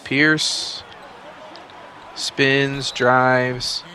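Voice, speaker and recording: A man calling play-by-play over a basketball video game, excitable and jumping up in pitch on big plays, with chatty asides in between. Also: drawn-out words. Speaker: gaming channel host.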